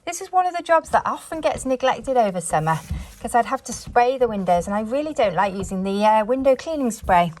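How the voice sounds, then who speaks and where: A woman's voice: on the high side, lively intonation, fairly quick, a little mellow, slight background noise. A middle-aged woman filming herself cleaning her bedroom, chatting to viewers in a homely way and a little out of breath from the work. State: slightly out of breath from working. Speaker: cleaning vlogger. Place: bedroom at home, indoors.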